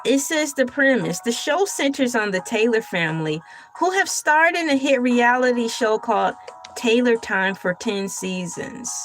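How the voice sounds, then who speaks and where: A woman's voice: a little high, lively intonation, measured pace, a bit bright, faint music behind. A young adult woman hosting a casual livestream, chatty and laughing often as she talks to her chat. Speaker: livestream host.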